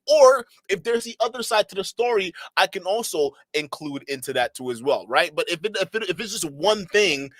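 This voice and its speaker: Bright-voiced, dry-sounding male commentator. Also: fairly high pitch, no echo. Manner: animated, sarcastic, rambling. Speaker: commentary channel host. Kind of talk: reaction commentary.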